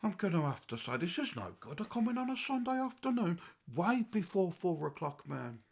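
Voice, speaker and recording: A man's voice: high voice, big pitch swings, normal speed, gravelly, slightly rough, exaggerated voice. A man playing a rambling, easily riled old English grandfather in a comic monologue, in an English accent. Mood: aggrieved. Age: older. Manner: rambling and aggrieved, swinging between mutters and outbursts.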